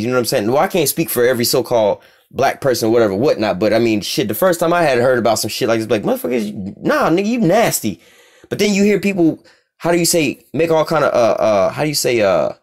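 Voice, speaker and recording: A man teaching scripture casually, reading verses aloud slowly and commenting bluntly with street profanity. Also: mid-range voice, animated. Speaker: religious teacher.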